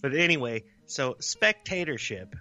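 Rambling bright-voiced man in his forties. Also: medium pitch, lively intonation, measured pace. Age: 40s. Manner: rambling, self-deprecating, swears freely. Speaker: podcast co-host. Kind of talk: casual podcast chat.

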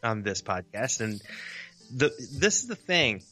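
A man's voice: fairly low pitch, sing-song, a little slow, bright, forceful tone, faint music behind. A man in his forties co-hosting a casual podcast, rambling and self-deprecating, swearing freely. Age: 40s. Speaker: podcast co-host.

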